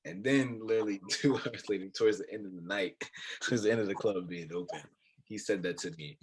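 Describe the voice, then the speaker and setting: A young man co-hosting a podcast, telling stories in a low-key casual chat with a quiet voice. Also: brisk. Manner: low-key, storytelling with laughs. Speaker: podcast co-host.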